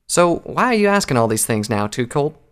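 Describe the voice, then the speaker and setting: A man's voice: mid-range voice, very animated, fairly quick, clean tone, voice pushed up, close to an everyday voice. A man voicing a plainspoken, folksy earth pony mare in a storybook reading. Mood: earnest. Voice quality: folksy, plainspoken country talk.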